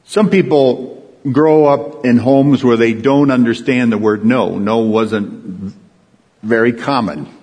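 A man's voice: mid-range voice, fairly even intonation, slow, a little mellow, slightly rough, big-room sound. A man, a pastor preaching a sermon in a folksy storytelling way, with emphatic rises.

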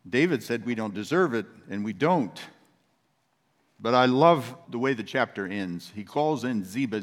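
Low-voiced man preaching in a hall. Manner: conversational storytelling preacher. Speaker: pastor. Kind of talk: sermon.

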